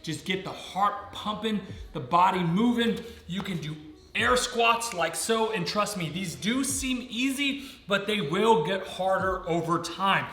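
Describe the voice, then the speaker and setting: A man's voice: high-pitched, expressive, unhurried, pushed and bright. A man coaching fitness in a casual home vlog, upbeat and talking straight to the viewers. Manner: upbeat, coaching, keeps calling viewers guys. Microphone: camera set up nearby.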